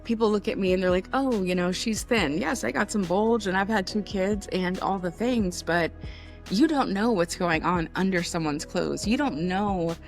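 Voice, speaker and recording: A woman's voice: medium pitch, moderate pace, faint music behind. A woman in her forties, a somatic coach, giving a candid, casual motivational pep talk that guides the listener through breathing and swears now and then. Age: 40s.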